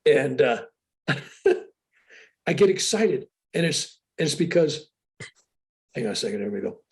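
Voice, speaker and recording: An older man telling a story with animated excitement as an interview guest on a video call. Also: medium pitch, a little slow. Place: room with a sheetrock wall.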